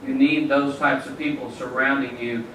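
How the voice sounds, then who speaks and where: A man's voice: medium pitch, flat delivery, moderate pace, background noise. A man giving an enthusiastic motivational talk at a conference, preaching and telling stories. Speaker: keynote speaker. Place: large conference hall. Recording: echoey hall from far off.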